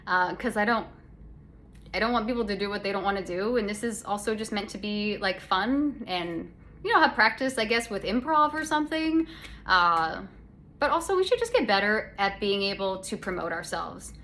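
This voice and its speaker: A woman's voice: medium pitch, animated, moderate pace, fairly bright tone. A young adult woman from Canada, hosting a casual solo podcast chat in a sarcastic, rambling way with lots of self-corrections. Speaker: podcast host. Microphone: phone.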